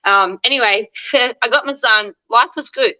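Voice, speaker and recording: A woman in her thirties with an Australian accent shares her life story in a chatty, candid interview. Her voice sounds bright and forward, and she acts out the lines she quotes. The recording is a little dull and lo-fi. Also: on the high side, normal speed. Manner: chatty, acts out quoted dialogue, laughs often.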